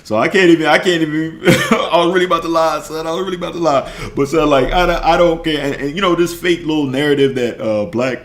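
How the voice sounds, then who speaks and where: A man's voice: on the high side, quick pace, few pauses, reverberant. A man ranting in casual slang on a stream, repeating himself and laughing often. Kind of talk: casual rant.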